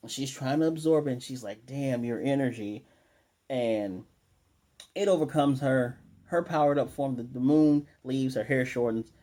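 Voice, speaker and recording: A man talking through an anime episode recap in a loose, rambling way. His voice is dark and mellow, sitting at an ordinary middle pitch, and he often restarts his sentences as he quotes the characters. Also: moderate pace. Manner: rambling recap with restarts, quoting lines in a flat voice. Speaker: anime reviewer.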